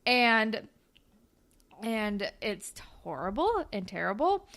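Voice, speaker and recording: Young woman, podcast co-host, fairly high voice, loose recap banter acting out scenes. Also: sing-song, slow, a bit bright. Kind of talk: casual recap chat.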